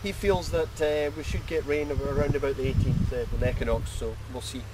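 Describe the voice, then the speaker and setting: A Scottish man, a vineyard grower, explaining in a measured, matter-of-fact way during an outdoor chat. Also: on the high side, fairly even intonation. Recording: distant mic outdoors, loud wind noise.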